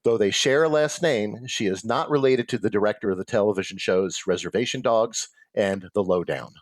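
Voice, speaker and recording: Low-voiced male quizmaster, dry close mic, reads questions then rambles on with extra facts. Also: normal speed, dry recording. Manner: chatty, adds background facts after answers. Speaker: trivia quiz host. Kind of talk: reading trivia questions, casual chat.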